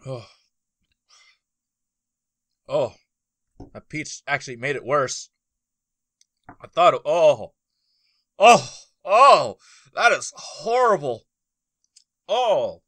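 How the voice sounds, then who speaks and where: An excitable man chatting through his gameplay in a high, bright voice. He jumps between pitches constantly, yelping and groaning as the game goes on. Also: very slow, pauses often, no room sound. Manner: loud, excitable, exclaiming and groaning as he plays. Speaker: gaming video host. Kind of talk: casual gameplay commentary.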